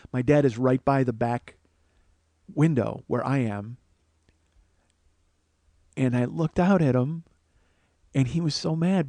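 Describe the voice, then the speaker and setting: A man in his forties, a podcast host, telling a profane, animated comedic story. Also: on the high side, dry recording. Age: 40s. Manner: profane, animated, restarts often.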